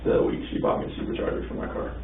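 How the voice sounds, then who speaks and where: A man's voice: racing, noisy background. A man in a recorded interview, talking hesitantly with lots of fillers, in an interview room. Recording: tinny, echoey room recording from far off.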